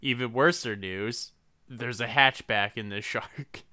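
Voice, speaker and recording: A man's voice: mid-range voice, unhurried, pushed and bright. A man co-hosting a podcast, chatting about a movie in a laid-back way with profane, joking asides. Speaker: podcast co-host. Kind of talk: casual movie recap chat.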